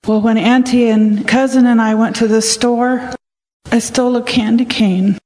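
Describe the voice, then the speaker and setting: A woman's voice: a little high, fairly even intonation, normal speed, warm tone, close to an everyday voice. A woman voicing a frightened thirteen-year-old boy who pleads and confesses, in an echoey hall. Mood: earnest. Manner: pleading, tearful.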